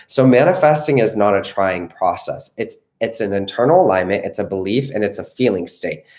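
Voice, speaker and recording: A man's voice: lowish voice, expressive, fairly quick, darkish tone. A man coaching viewers on a live stream, earnest and reassuring, often checking in with "okay?". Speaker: manifestation coach.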